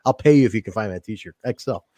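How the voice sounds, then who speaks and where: A man's voice: lowish voice, fast talker, dark tone, no room sound. A man co-hosting a casual wrestling review show, talking animatedly, laughing often and acting out quotes. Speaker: podcast co-host. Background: live chat audience.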